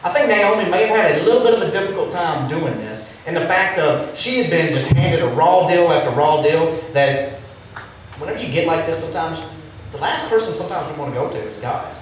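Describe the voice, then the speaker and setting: A fairly high-voiced man preaches in a church sanctuary with a storyteller's ease. His voice rings through a very echoey hall and sits some way off from the mic, with faint room noise underneath. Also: expressive, a little fast, far from the mic. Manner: storytelling preacher with a joking turn. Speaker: pastor. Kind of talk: sermon.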